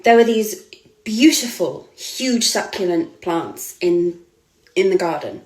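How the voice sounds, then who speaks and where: A woman's voice: on the low side, lively intonation, slow pace, darkish tone. A woman, a model giving an earnest, hesitant personal account. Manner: earnest, hesitant, with frequent ums and restarts. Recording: echoey room.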